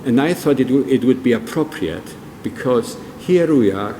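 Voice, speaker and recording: An older man speaks at a public event in a large museum hall, telling stories and quizzing the listeners. His voice sits at an ordinary pitch for a man. Long reverb trails his words, with faint room ambience underneath. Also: lively intonation, normal speed, warm tone, a little hiss or hum. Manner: storytelling, quizzes the audience. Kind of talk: public presentation.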